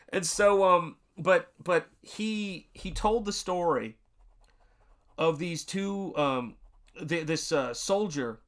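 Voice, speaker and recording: A man's voice: high voice, slow pace. A man from Tennessee chatting casually on a live art stream, rambling through a story and greeting viewers in the chat. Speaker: livestreaming artist.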